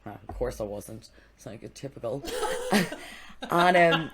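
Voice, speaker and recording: A woman's voice: a bass voice, unhurried, crowd noise. A young Irish woman co-hosting a podcast, telling stories in casual chat and acting out the voices of the people she quotes. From Ireland. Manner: animated storytelling, acts out quoted voices. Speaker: podcast co-host.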